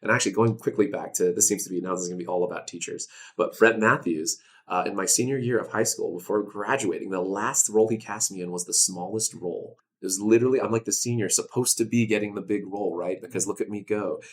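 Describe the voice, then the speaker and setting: A young man talks casually as a guest in an interview. His voice sits very low, and he speaks loosely, full of dude and man, with bursts of excitement. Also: fast talker, few pauses. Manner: animated, laid-back, says dude and man a lot. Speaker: voice actor guest.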